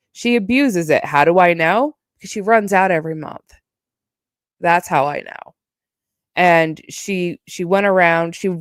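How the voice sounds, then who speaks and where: A woman's voice: on the low side, no room sound, clean studio sound. Heated, profane woman streamer rant. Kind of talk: casual livestream rant.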